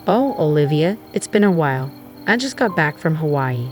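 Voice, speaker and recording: A woman voicing a distraught, defensive young mother who pleads and turns shrill when shocked, with music playing underneath. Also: big pitch swings, normal speed, darkish tone. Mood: breezy.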